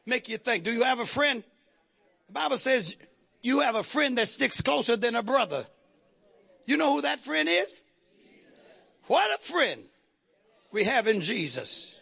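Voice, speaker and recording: Pastor, man, animated sermon with call-and-response, bright, sharp tone. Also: extremely high pitch, a little slow, gravelly, pauses often. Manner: dramatic, humorous, call-and-response preaching.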